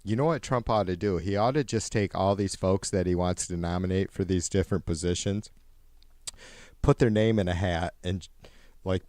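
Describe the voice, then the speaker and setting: A man's voice: sits low, darkish tone, no room sound, studio quality. A man hosting a live talk show, chatting bluntly with crude jokes and chuckling asides. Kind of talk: casual live show banter.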